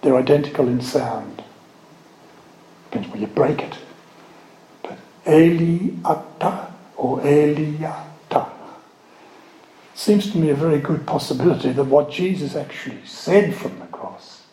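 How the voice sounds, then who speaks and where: In a mellow, mid-range voice, a man gives a slow sermon that explains words step by step, pausing at times for asides and word studies. The recording is low quality and reverberant.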